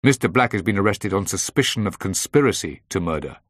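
A man's voice: deep voice, expressive, brisk, fairly bright tone, dry recording, clean studio sound. A man playing a commanding police inspector. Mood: firm. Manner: formal, commanding. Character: grand, firm male detective inspector.

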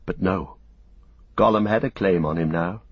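A man steadily narrating an audiobook in a measured storytelling manner. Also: low-pitched, slightly rough, dry recording. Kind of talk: scripted narration. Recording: dull, muffled recording.

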